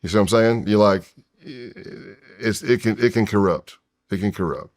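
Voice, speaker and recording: A man's voice: lowish voice, normal speed. A man in his fifties from the United States, a podcast guest telling a long personal story in a candid, rambling way with frequent restarts. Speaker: podcast guest, retired federal agent. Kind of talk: casual storytelling in a long-form interview.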